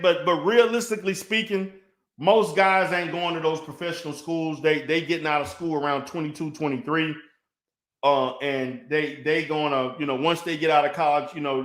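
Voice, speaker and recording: An online commentator with a voice on the high side and a fairly bright tone rants in a response video. He's heated, profane, mocking, and insulting, recorded in an echoey room.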